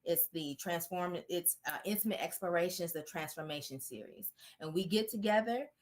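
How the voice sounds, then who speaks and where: A woman's voice: fairly low pitch, moderate pace. A woman relationship therapist answering interview questions in an earnest, encouraging, direct way.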